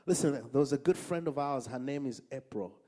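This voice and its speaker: A man's voice: mid-range voice, brisk. A man from Africa preaching a sermon, telling funny stories and repeating lines for emphasis. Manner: animated, humorous storytelling with emphatic repetition.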